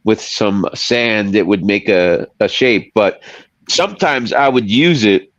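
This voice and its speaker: A man's voice: on the low side, slow pace, no echo, muffled recording. A man chatting casually on a podcast, rambling and laughing as he loses his thread.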